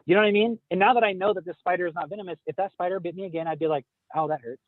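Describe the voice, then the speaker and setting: A man's voice: high-pitched, fairly even intonation, rapid-fire, no echo. A man in his thirties calling in to a casual group podcast chat, rambling and swearing casually. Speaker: podcast co-host. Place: calling in while out driving. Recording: tinny phone line.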